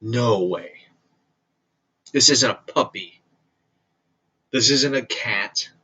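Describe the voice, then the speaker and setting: A man's voice: medium pitch, slow pace, bright, forceful tone, dry recording, highs cut off. A man rambling casually through news and geek topics, loose and profane, with frequent restarts. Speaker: vlogger.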